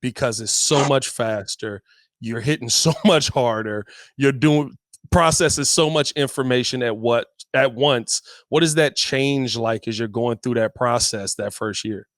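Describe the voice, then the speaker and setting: A man hosting a casual sports podcast, asking questions in a relaxed, slangy way. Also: medium pitch, unhurried, dry recording, clean studio sound. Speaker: podcast host.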